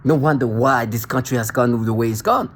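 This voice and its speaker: A man's voice: mid-range voice, fairly quick. Angry man ranting straight at someone. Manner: ranting, confrontational, repetitive. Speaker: vlogger. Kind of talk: angry accusatory monologue.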